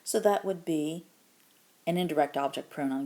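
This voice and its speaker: A woman teaching a grammar lesson, explaining patiently step by step and modeling example phrases slowly. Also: low voice, dark tone. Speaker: Spanish teacher.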